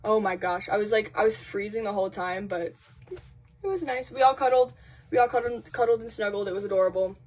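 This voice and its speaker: A woman's voice: medium pitch, animated, fairly quick, darkish tone. Chatty young woman rambling to her camera. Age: young adult. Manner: chatty and rambling, full of fillers and dramatic sighs; quotes friends in a raised voice. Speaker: college vlogger. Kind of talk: casual chat to camera. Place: indoors at home, doing laundry.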